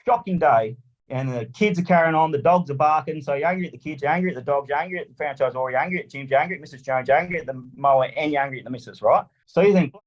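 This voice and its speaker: An Australian man telling a story on a podcast, animated and swearing, acting out little scenes. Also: a little high, muffled recording. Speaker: lawn mowing franchisee guest.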